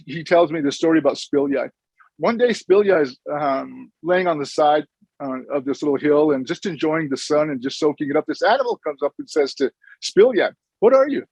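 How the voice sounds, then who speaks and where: Earnest man with a husky voice. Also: a little high, darkish tone, no echo, rough recording. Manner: earnest, informal, with frequent restarts. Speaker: clinical social worker, presenter. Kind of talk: conference presentation with storytelling.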